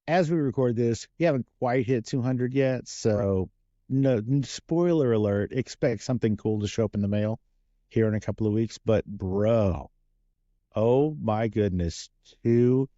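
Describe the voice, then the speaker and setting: Joking man with a low, dark voice. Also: no room sound, lo-fi sound. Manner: energetic, joking, playful. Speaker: guest interviewer. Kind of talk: casual podcast interview.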